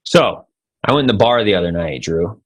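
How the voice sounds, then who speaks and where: A man hosting a podcast with his buddy, his voice sitting low. He talks casually and tells a joke in a loose, laid-back way. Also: expressive, moderate pace. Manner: joking, laid-back storyteller. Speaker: podcast co-host.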